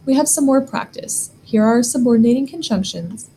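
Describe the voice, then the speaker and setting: A woman's voice: on the high side, expressive, fairly quick, mellow, slight background noise, poor audio. A woman teaching a German grammar lesson, explaining step by step and asking the learner questions.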